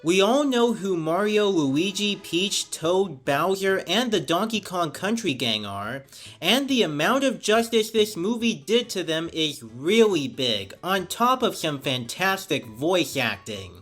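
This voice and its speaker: A man giving a scripted film review in an enthusiastic, animated way. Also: sits high, measured pace, soft background music.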